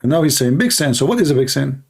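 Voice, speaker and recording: A man hosting a confrontational livestream debate, talking emphatically and challenging his listeners, with a dry throat and frequent throat clearing. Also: mid-range voice, very animated, fast talker. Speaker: debater and host.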